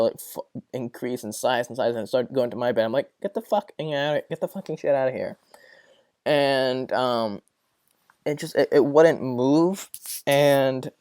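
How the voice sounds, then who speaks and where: A young man talks alone into a close mic, venting and rambling with plenty of swearing. His voice sits at an ordinary pitch for a man. The recording is dry, with no room echo. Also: darkish tone. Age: young adult. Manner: profane, rambling, exasperated venting. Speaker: podcast host. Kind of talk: casual solo podcast rant.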